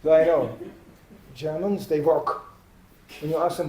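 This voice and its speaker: An older man from Czechoslovakia, giving a humorous sermon as a spiritual teacher, animated and acting out comic voices. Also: on the high side, measured pace. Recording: roomy hall echo.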